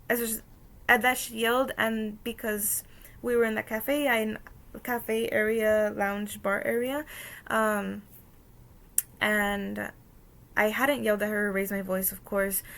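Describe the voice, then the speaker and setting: Gravelly-voiced woman recounting a work story. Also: medium pitch, a bit bright. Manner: many "um" fillers and "like", storytelling with quoted dialogue. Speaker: student presenting a course activity. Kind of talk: casual spoken reflection.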